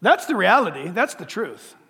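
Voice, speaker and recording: High-voiced emphatic preacher in a reverberant hall. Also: male voice, very animated, normal speed, sharp tone, slightly rough. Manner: emphatic, fires rhetorical questions. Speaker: pastor. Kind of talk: sermon. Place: church sanctuary. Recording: long church hall reverb.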